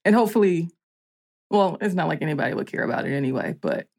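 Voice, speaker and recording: Low-voiced chatty woman from the South. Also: expressive, fast talker, vocal fry, darkish tone. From US South, Georgia. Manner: rambling, many "like" fillers. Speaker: guest storyteller. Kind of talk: casual podcast chat.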